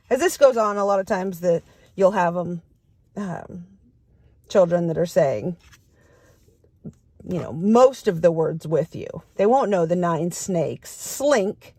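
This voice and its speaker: A woman's voice: on the low side, lively intonation, unhurried, pauses often, dark tone, dry recording. A middle-aged woman, a storytime librarian, demonstrating a picture-book read-aloud for young children and inviting them to call out sound words.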